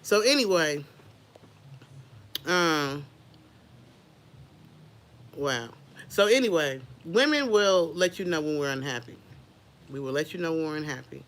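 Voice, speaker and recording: Sex: woman. Role: livestream host. Style: unscripted casual chat. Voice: bright, forceful. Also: low-pitched, measured pace, long pauses. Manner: animated, chatty, addresses viewers directly.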